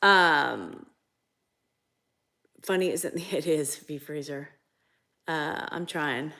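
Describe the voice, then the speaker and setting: A woman's voice: deep voice, slow pace, gravelly, pushed and bright. A woman co-hosting a casual livestream, reading out viewer comments, laughing often and swearing freely. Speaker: livestream co-host.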